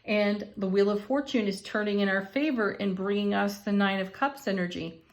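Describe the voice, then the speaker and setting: With a mid-range, steady voice at normal speed, a woman does a casual spiritual card reading using tarot and oracle cards. She stays encouraging and often laughs as she goes.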